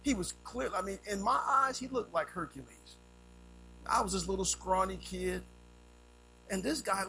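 Male preacher, high raspy-edged voice, animated storyteller, low music and hum under him. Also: rough recording. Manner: storytelling with vivid sound effects, swings between loud and hushed. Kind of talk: sermon.

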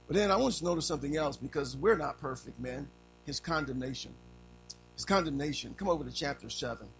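A male pastor preaching in a high, gravelly voice. His tone is bright and edged, and he swings from low, quiet lines up to raised cries. Faint music plays behind him. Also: lively intonation, quick pace, low-quality recording. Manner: preaching with sweeping pitch swings, rising to cries. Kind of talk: sermon.

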